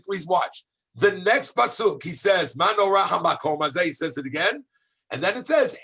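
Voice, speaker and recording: A man, a rabbi, teaching a high school class in an animated, exclamatory way, calling on students by name and shouting at times for emphasis. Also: gravelly, slightly rough. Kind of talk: lively classroom lesson.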